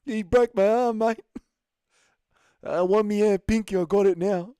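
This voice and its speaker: A man putting on a New Zealand accent to impersonate a tough, cheeky fighter, loud and drawn-out. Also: steady tone, clean tone, dry recording, studio quality. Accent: New Zealand (imitated). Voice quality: loud, high, drawn-out and hooting.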